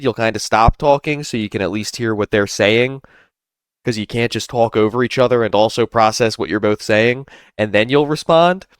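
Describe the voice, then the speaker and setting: A streamer reacting to a call recording with animated, amused commentary, close to the mic. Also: male voice, medium pitch, clean tone, no room sound.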